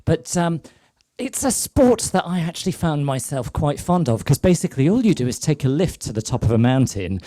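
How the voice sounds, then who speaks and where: A man's voice: a little high, big pitch swings, fairly quick, few pauses, mellow, no room sound. A man hosting a live online show as a drag queen, telling rambling, sweary comic stories into a mic on a stand and laughing at his own jokes. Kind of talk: casual comic storytelling. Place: home set during lockdown. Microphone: microphone on a stand.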